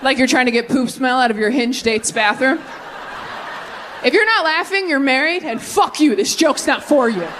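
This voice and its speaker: A woman's voice: high voice, lively intonation, moderate pace, a bit bright, a little hiss or hum. A woman performing a stand-up comedy set on a club stage, brash and self-deprecating, talking frankly to a live audience.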